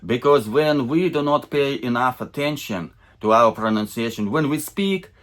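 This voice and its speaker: A man with a Russian accent teaching English pronunciation in a video lesson. He talks slowly and deliberately and repeats words to model their sounds. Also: medium pitch.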